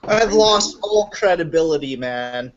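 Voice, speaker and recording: A man's voice: on the high side, lively intonation, unhurried. A man who reviews beers, chatting in a laid-back, shrugging way on a webcam call. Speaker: beer reviewer. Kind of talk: casual group video chat. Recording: muffled lo-fi video call audio.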